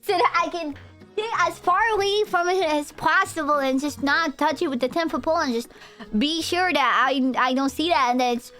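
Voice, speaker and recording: Brief: young woman streamer, high voice, rambling and giggly, faint music behind. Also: normal speed, sharp tone. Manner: rambling, giggly, talks to chat. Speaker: live streamer. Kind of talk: casual live-stream chat.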